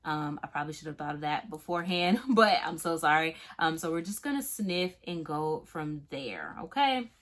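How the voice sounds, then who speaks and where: A woman's voice: deep voice, lively intonation, normal speed, hardly any pauses, a bit bright. A young woman from Florida with a Southern accent, chatting casually through a fragrance review with lots of "um"s and emphatic "okay?"s. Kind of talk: casual product review vlog.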